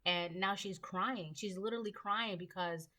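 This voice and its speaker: A woman's voice: mid-range voice, normal speed, pushed and bright. A woman giving a casual collective tarot reading, rambling and chatty, with frequent ums and the odd casual swear word. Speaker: tarot reader.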